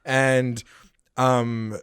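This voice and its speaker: Young man, podcast co-host, casual recap, swears a lot, mid-pitched voice, dry close sound. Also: flat delivery, extremely slow, a bit bright, clear, resonant tone, no room sound. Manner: swears a lot, acts out characters' lines.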